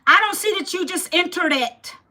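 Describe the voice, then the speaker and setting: Loud, blunt woman in her 50s. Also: extremely high pitch, expressive, moderate pace. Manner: loud and blunt, close to yelling; scolds chat viewers directly. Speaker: livestream host selling an online program. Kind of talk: live-stream sales talk to chat.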